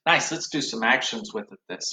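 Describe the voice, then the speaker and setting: A man's voice: mid-range voice, moderate pace, sharp tone, slight background noise, low-quality recording. A man teaching an online music class for young children, with sing-song call-and-response. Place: home room, recording to a computer.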